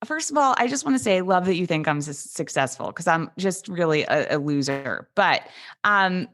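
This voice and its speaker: A woman from New York with a New York accent and vocal fry, a comedian chatting animatedly as an interview guest. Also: lowish voice, moderate pace, a little hiss or hum. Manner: animated, self-deprecating storytelling. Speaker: comedian and podcast host guest. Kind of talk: casual interview chat.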